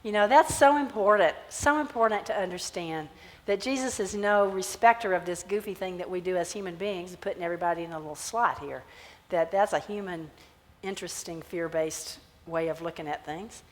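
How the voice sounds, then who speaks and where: A woman pastor giving a sermon, animated as she tells a Bible story and acts out its characters. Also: fairly low pitch, fairly quick. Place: church sanctuary. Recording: church hall reverb.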